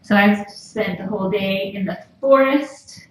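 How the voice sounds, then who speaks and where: A woman's voice: mid-range voice, measured pace. A woman cooing and half-whispering to kittens while chatting casually on a live stream. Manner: soft cooing baby talk, often whispered. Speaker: cat rescuer streaming live. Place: room with kittens. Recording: echoey room, far from mic, faint noise.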